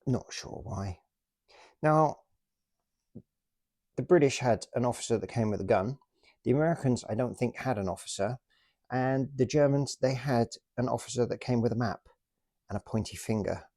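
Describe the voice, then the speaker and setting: A man's voice: mid-range voice, moderate pace, long pauses, darkish tone, dry recording, studio quality. A man hosting a casual show-and-tell about his toy collection, chatty and self-deprecating.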